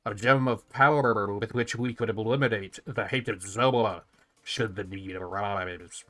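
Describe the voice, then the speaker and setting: A man voicing a haughty female alien hive ruler from a video game, reading her lines slowly and solemnly. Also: on the low side, fairly bright tone, pitched below the performer's own voice. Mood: imperious. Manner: slow, solemn, commanding delivery. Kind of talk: reading game dialogue aloud in a voice.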